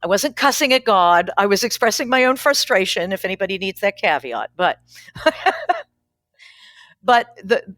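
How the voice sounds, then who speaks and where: A woman's voice: medium pitch, sing-song, a little slow, pauses often, fairly bright tone, dry recording. A woman pastor telling a personal story in conversation, frank and earthy. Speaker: pastor and peacemaker guest.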